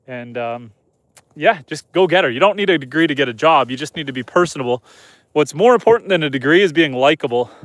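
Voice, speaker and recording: A man's voice: on the high side, fairly bright tone, no echo. A young man casually chatting on a night-time farm livestream outdoors, talking to his animals and reading viewer comments aloud. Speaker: homesteader hosting a livestream.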